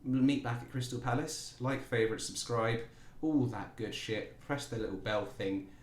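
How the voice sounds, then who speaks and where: A man's voice: mid-range voice, normal speed, slight background noise. A man giving casual, jokey let's-play commentary, talking playfully to his players. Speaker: gaming YouTuber. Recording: roomy echo.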